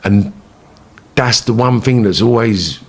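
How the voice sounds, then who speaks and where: Guest, London man, lowish voice, blunt street talk, keeps asking "you know what I mean". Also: takes it slowly, slightly rough. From England. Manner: blunt, swearing, street slang, repeats himself. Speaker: interview guest. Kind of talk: storytelling in an interview.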